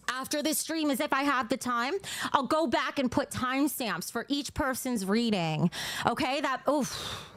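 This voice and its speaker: A woman's voice: sits high, measured pace, a bit bright, dry recording. A young woman giving tarot readings on a live stream, talking casually and chatting with viewers between cards. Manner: chatty, reads viewer names and pulls cards aloud. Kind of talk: casual livestream chat.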